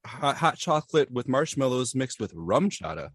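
A man's voice: mid-range voice, big pitch swings, normal speed, fairly bright tone, no echo. Rambling man from Wisconsin, casual guest, dry mic. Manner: rambling, lots of fillers. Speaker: podcast guest. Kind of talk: casual chat.

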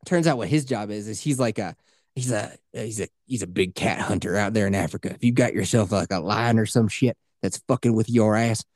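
A man's voice: lowish voice, brisk, dry recording, clean studio sound. A man hosting a podcast, retelling a movie in a casual, profane way and slipping into voices. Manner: animated, profane, slips into voices. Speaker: podcast host. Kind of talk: casual movie recap chat.

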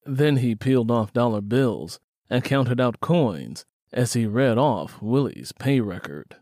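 A man's voice: mid-range voice, animated, darkish tone, no echo. Man narrating a story, dry close sound. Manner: measured, descriptive storytelling. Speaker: audiobook narrator. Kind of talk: scripted narration.

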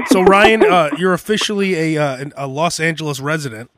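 High-voiced, bright podcast host man. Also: fairly quick, few pauses, no echo. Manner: animated storyteller, laughs often. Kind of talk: casual podcast banter.

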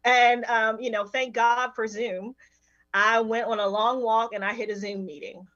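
A woman's voice: a little high, fairly even intonation, unhurried, a bit bright, dry recording, muffled recording, soft background music. Candid woman telling her story with laughs. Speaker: podcast guest. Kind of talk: personal recovery story.

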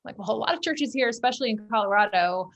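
A woman's voice: on the high side, fast. A woman speaking as a podcast guest who talks candidly and from the heart in casual conversation.

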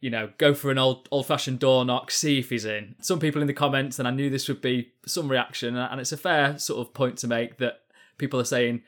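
A man's voice: mid-range voice, fairly even intonation, fairly quick, a bit bright. Hesitant male journalist guest. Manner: hesitant, full of ums and sort-ofs. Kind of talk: casual podcast chat.

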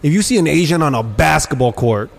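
A man's voice: fairly high pitch, animated, fast, gravelly. A man hosting a podcast, telling personal stories in a candid, rambling way with frequent restarts. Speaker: podcast host. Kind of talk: casual chat.

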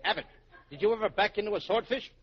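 A man's voice: high-pitched, fast talker. A man playing the childlike, giggly wisecracking comic in a 1940s radio comedy duo, on a dull old broadcast recording.

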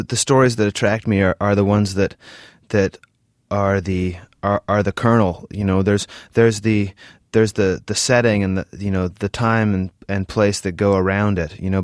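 A man with a low voice talks in an interview, stumbling over his words and starting his sentences again. He also reads aloud from his own book. The sound is dry and close. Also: no echo. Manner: halting, many restarts and fillers. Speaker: author guest reading his novel. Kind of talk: interview answers and book reading.

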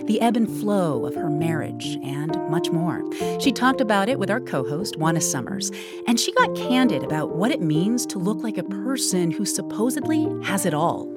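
A woman radio host reads a scripted promo in an upbeat way. Her voice sits slightly low. Loud guitar music plays behind her. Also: big pitch swings, moderate pace.

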